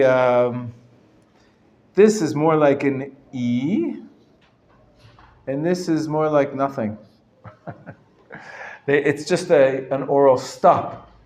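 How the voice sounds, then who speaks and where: A man teaching a class with a slightly high voice and a slow, careful delivery. He sounds words out patiently, clears his throat now and then and chuckles between points. The room is roomy and echoey. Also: a little mellow. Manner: patient, explanatory, repeats words slowly to demonstrate sounds. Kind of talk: live classroom lesson on Hebrew reading. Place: lecture room. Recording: roomy echo from a live class.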